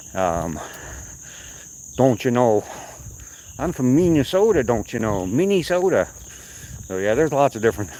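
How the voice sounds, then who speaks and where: An older man with a slight Southern accent and a fairly low voice chats casually with live-stream viewers while walking outdoors at night, rambling from topic to topic. The recording is rough, with a little hiss or hum.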